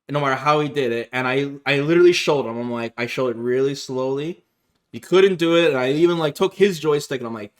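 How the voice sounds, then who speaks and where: A young man hosting a gaming video, telling stories casually and animatedly, often laughing and acting out other people's lines in high voices. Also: a bit bright. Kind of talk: casual storytelling to camera.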